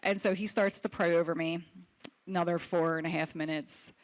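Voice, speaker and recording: A woman's voice: fairly low pitch, fairly even intonation, normal speed. A young adult woman telling a personal story on stage at a live storytelling event, candid and wry, with self-deprecating humor.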